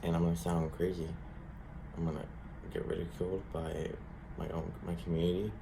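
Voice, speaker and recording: A man's voice: sits low, flat delivery, brisk, vocal fry, background noise. A man speaking casually to camera in a rambling monologue, swearing a lot and using many fillers, earnest and shaken. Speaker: vlogger.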